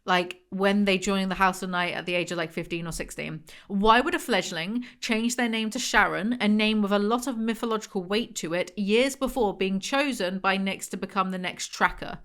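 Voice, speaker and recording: A woman's voice: mid-range voice, moderate pace, few pauses, a bit bright. A young woman, reading a novel aloud and breaking off for sarcastic, mocking commentary. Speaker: book reviewer.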